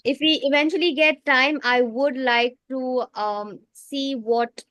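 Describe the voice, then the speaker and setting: A woman's voice: high-pitched, steady tone, slow, a bit bright, no echo. A woman facilitating an online study group, explaining at length with a tiring voice. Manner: explains at length, often restarts phrases.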